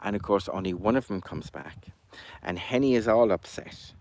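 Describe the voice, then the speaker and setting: A man chatting his way through a puppet tale for children. He rambles a bit, and his voice rises and falls with lively animation. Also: lowish voice, moderate pace, dry recording. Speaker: storyteller. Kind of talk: casual puppet storytelling.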